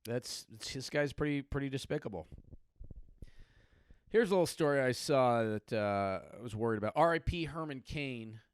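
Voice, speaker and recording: A man's voice: medium pitch, expressive, normal speed, clean tone, dry recording. A man from California doing a comedic podcast monologue, rambling and sardonic, with lots of swearing. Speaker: podcast host.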